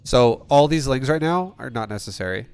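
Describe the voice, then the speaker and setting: A man's voice: medium pitch, lively intonation, normal speed, a little mellow, smooth, no room sound. Blunt, rambling male game coach. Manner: blunt, rambling, frequent restarts and "like". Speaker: StarCraft coach. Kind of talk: casual replay coaching with profanity.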